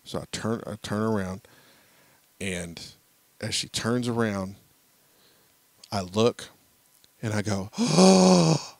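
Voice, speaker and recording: A man with a lower-pitched voice, co-hosting a casual podcast in his thirties. He tells a family anecdote with lively acted-out quotes. The sound is dry and close. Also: slow, long pauses, dry recording. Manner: animated storyteller acting out quotes. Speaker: podcast co-host. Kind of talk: casual chat, storytelling.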